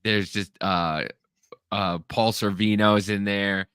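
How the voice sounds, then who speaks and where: A man chatting casually on a podcast with a bright, forward tone. He tells stories animatedly and jumps into the voices of his family. The sound is dry and close, with little room in it. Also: lowish voice, takes it slowly, clear, resonant tone, no room sound. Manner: animated storyteller, acts out family members in raised voices. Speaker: podcast co-host. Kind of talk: casual chat.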